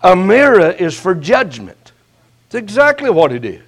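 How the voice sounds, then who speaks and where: An older man preaching a sermon as pastor, his voice rising sharply and then dropping to a hush, with folksy, teasing jabs at his listeners. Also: high-pitched, wildly swooping pitch. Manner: slow preaching with sharp rises and hushed drops.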